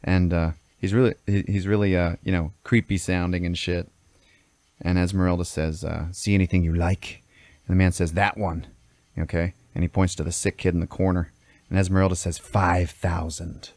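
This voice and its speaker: A man with a very low voice tells a story on a podcast in a casual, profane way. He keeps stopping to check in with "okay?" and "all right?". The sound is dry and close. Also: level tone, a little fast, darkish tone, no echo. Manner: swears constantly, checks in with "okay?". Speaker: podcast host telling a story. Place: podcast studio.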